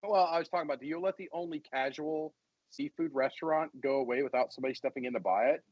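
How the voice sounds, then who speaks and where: A man's voice: a little high, fast talker, darkish tone, dry recording, muffled recording. A man co-hosting a podcast, telling rambling stories in casual banter. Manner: rambling, storytelling, laughs a lot. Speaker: podcast co-host.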